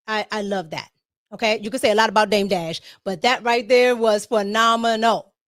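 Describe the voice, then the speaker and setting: A woman's voice: fairly high pitch, a bit bright, no echo, clean studio sound. A woman hosting a casual political livestream, talking emphatically, repeating herself and tagging her points with "okay?". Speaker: political commentary host.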